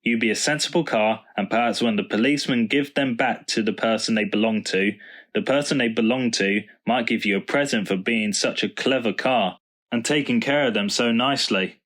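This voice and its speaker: A gentle, thoughtful father who speaks in a patient, explaining way, read by a male storyteller. He sounds calm and fond, with a lift of brightness. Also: medium pitch, normal speed, lightly acted. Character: kind, patient father and vicar. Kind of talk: storybook reading.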